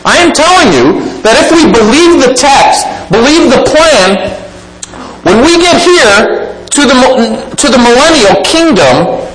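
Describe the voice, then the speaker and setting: Emphatic high-voiced man preaching. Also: roomy sound, rough recording. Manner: emphatic, swings between loud exclaiming and quiet asides. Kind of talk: sermon.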